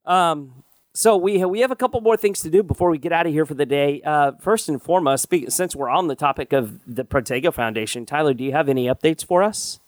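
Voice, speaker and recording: A man hosting a podcast, running the show in animated casual chat and laughing easily. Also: a little high, a little fast, no echo. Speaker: podcast host.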